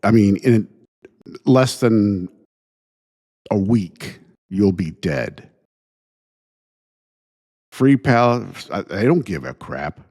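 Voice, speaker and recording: A man hosting his own show, ranting indignantly in a halting way, restarting phrases and sighing between thoughts. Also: lowish voice, animated, dark tone, breathy edge. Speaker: podcast host. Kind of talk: solo opinion rant.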